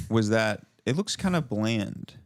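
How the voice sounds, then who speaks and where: A man co-hosting a podcast, chatting casually and teasing his co-host with a joking tone. His voice sits a little low and the sound is dry and close. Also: animated, slow, no room sound. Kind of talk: casual chat.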